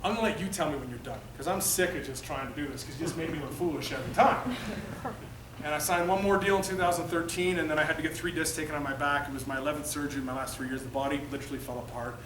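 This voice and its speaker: A man in his late thirties from Canada, giving an animated motivational talk to students and acting out the voices he quotes. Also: fairly high pitch, rapid-fire, background noise. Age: 30s. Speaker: motivational speaker. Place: high school gym or auditorium. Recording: echoey hall, mic at a distance.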